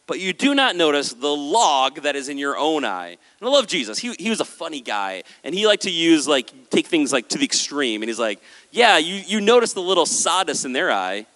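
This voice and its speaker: A man preaching a sermon on stage with a handheld microphone, animated and acting out the voices of listeners and Jesus. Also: a little high, fairly quick. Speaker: pastor. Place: large hall with a stage. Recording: hall with long reverb.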